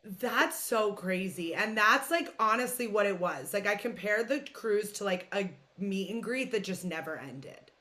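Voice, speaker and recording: A woman's voice: mid-range voice, expressive, measured pace, few pauses, bright, forceful tone, a little hiss or hum. A woman hosting a podcast, talking in a chatty, rambling, frank way with frequent swearing. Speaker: podcast host. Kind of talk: casual chat.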